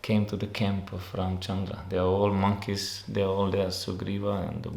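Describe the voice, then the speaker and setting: Gravelly low-voiced man giving a spiritual talk. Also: little pitch movement, normal speed, a little mellow, echoey room. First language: not English. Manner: simple, repetitive phrasing with Sanskrit verses. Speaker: spiritual teacher. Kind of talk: devotional discourse. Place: ashram hall.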